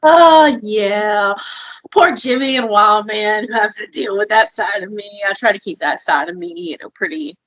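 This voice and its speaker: A woman co-host speaks candidly and with emotion about her own experiences, often dropping in a filler "like" as she goes. Her voice sits at an ordinary pitch for a woman. The recording is somewhat dull and lo-fi. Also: normal speed, a bit bright. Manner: open, emotional, heavy filler "like". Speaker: podcast co-host. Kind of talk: candid personal conversation.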